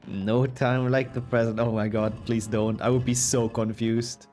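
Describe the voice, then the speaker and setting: A man's voice: mid-range voice, level tone, moderate pace, a little mellow, faint music behind. A young man with a sick voice, casually commentating his speedrun and answering chat. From Germany. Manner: chatty, reads and answers chat while playing. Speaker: speedrunner streamer.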